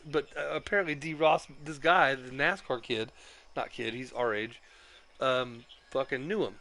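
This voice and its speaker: A man's voice: mid-range voice, normal speed, pushed and bright. A man telling a story about getting banned from an online game, swearing constantly and complaining in an agitated way. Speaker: streamer. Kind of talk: profane ranting storytelling.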